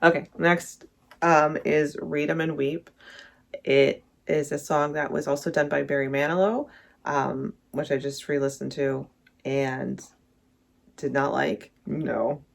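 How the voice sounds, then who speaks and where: Speaking slowly in a creaky, mid-range voice with fairly even intonation, a music vlogger ranks songs. The commentary is casual and rambling, full of self-corrections and enthusiastic gushing about favorites.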